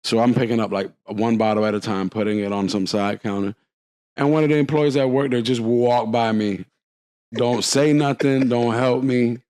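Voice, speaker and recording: A man's voice: fairly low pitch, steady tone, brisk, warm tone, dry recording. A man telling a long story on a casual podcast, acting out the quotes.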